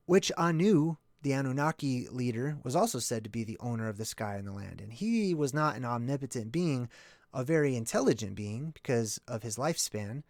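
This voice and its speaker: A man's voice: mid-range voice, dry recording, studio quality. A man hosting his own channel, explaining in a casual livestream way, thinking aloud, correcting himself and checking in with his listeners. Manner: rambling, self-correcting. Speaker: channel host.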